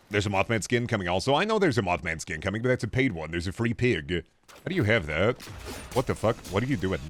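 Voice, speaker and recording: A man's voice: fairly low pitch, a bit bright. A man in his twenties streaming a video game, chatting casually and answering his chat in a rambling, jokey, profane way. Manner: talks back to chat while playing. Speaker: gaming streamer. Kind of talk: casual gaming livestream chatter.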